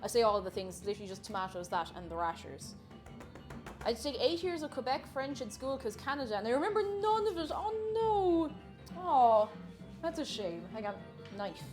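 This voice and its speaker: A woman's voice: on the high side, expressive, brisk, music in the background. Chatty Irish woman streaming a cooking session. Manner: chatty, reads chat aloud and answers viewers. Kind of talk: casual live-stream cooking chat.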